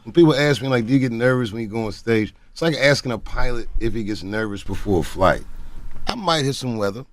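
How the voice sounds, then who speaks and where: A man's voice: medium pitch, lively intonation, fast talker. A man guesting on talk shows, telling comic stories and laughing through them while acting out other people's lines. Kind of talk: comedic storytelling in interviews. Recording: noisy television clip audio.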